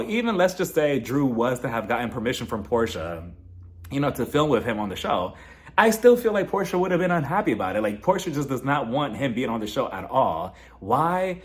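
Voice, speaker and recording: A young man giving a casual recap of a reality show, animated and mocking, often acting out the cast members' lines. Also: fairly high pitch.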